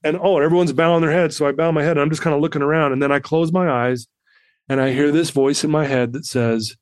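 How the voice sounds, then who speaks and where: A man in his fifties, a podcast guest telling a personal story in an animated way and acting out the people in it. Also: a little high, a little fast, clean tone, dry recording.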